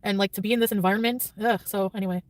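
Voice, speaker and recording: A woman's voice: medium pitch, fairly even intonation, very fast, dry recording. A woman vlogger chatting casually, rambling and defensive, laughing often. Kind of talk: casual vlog chat.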